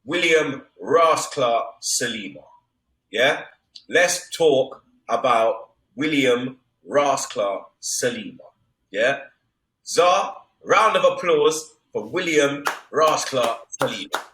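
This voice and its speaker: Young man, football podcast co-host. Loud, profane street-slang rants in a bright, animated voice, recorded in a roomy space. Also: mid-range voice, slow. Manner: loud, swearing, repeats street slang tags. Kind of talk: heated casual football banter. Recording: echoey room.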